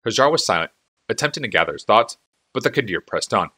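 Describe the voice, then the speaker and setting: A man's voice: fairly low pitch, lively intonation, fast, sharp tone, slightly rough. A man reading a fantasy novel aloud as a fan audiobook, telling the story expressively. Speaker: audiobook narrator.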